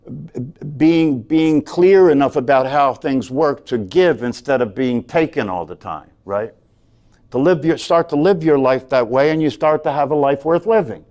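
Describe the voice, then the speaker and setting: A man's voice: mid-range voice, darkish tone. A man teaching a meditation class, talking earnestly and often checking in with "right?". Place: class room.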